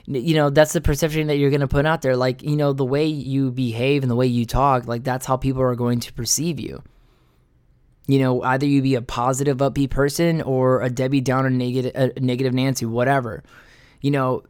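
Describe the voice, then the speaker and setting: A man's voice: a little high, dry recording, clean studio sound. A man hosting a casual monologue, rambling with slang and frequent swearing. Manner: rambling, profane, street slang.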